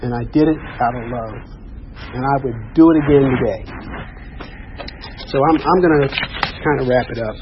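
A man's voice: mid-range voice, moderate pace, pauses often. A man giving a personal testimony at a recovery meeting, telling his story earnestly and acting out the dialogue. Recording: dull lo-fi sound, faint hiss.

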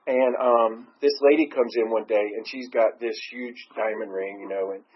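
A man's voice: on the low side, fairly even intonation, moderate pace, slightly rough. A man telling a personal story in a chatty, rambling way, often breaking into laughter. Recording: muffled lo-fi recording.

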